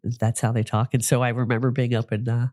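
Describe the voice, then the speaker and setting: A man's voice: mid-range voice, level tone, brisk, darkish tone, no room sound, studio quality. A man from New Jersey hosting a podcast, telling stories in a chatty solo talk with frequent restarts. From New Jersey, United States. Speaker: podcast host, psychic medium.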